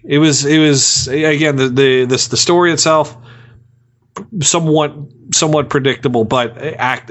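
A man co-hosting a movie review podcast, talking in a halting way with many restarts in casual chat. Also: fairly high pitch, fairly bright tone. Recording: dull lo-fi audio.

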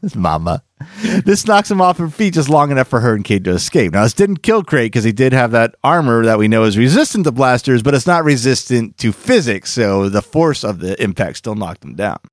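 A podcast host with a medium-pitched, very animated voice recaps comic lore at a fairly quick clip, telling it as a chatty story with jokey asides. The recording is dry with clean studio sound.

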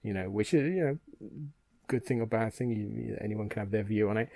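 A man's voice: on the low side, fairly quick, a little mellow. A British man co-hosting a podcast in casual chat, enthusiastic and chatty, often trailing off and restarting his sentences. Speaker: podcast co-host.

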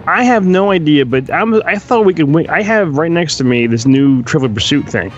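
Man, podcast co-host, lively bouncy pitch, dull lo-fi sound, faint music behind. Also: moderate pace. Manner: laid-back, joking, loose. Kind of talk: casual chat.

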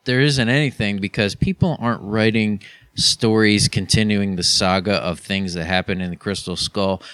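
A man's voice: fairly low pitch, dry recording. A man co-hosting a podcast, chatting casually and laughing often. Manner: laughs often, relaxed banter. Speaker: podcast co-host. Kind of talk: casual chat.

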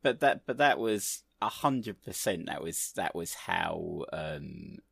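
A man with a deep, gravelly voice tells stories casually on a podcast. He rambles with plenty of fillers and breaks into loud laughs. The recording is dry and close. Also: sing-song, takes it slowly, no room sound. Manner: chatty storyteller, laughs loudly, many fillers. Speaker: podcast co-host. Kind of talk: casual chat.

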